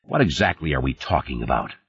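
Man voicing a blunt suspicious guy, deep husky voice, dull audio. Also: sing-song, normal speed, full character voice. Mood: harsh. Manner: harsh, blunt. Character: wronged, disbelieving businessman.

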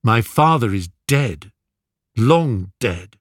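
A man's voice: medium pitch, lively intonation, takes it slowly, no room sound, clean studio sound. A man reading aloud, voicing an eager, gloomy young prince in an urgent, raised voice. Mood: earnest.

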